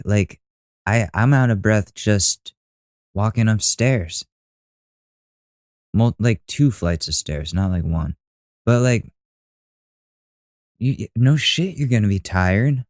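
A man's voice: lowish voice, darkish tone, no echo, studio quality. A young man hosting a podcast, reacting to a video with mocking, profane, rambling commentary. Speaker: podcast host.

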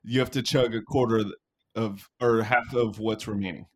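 A man's voice: lowish voice, steady tone, moderate pace. A man hosting a casual podcast, joking crudely and laughing often. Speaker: podcast host.

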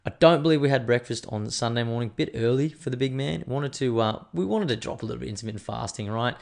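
A man with an Australian accent telling a casual, animated story, swearing freely and acting out the people he quotes. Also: mid-range voice, fast talker, gravelly.

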